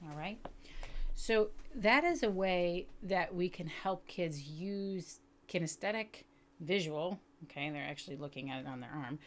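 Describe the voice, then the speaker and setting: A woman teaching a lesson for educators and parents, explaining patiently and sounding out words slowly. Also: fairly low pitch, a little hiss or hum. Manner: patient, explanatory, checks in with "okay?". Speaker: literacy teacher. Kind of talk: instructional video lesson.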